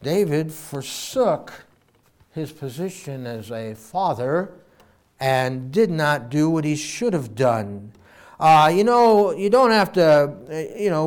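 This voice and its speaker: A man preaching a sermon with a dramatic storytelling delivery, moving between loud pleading and hushed low lines. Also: animated, slow.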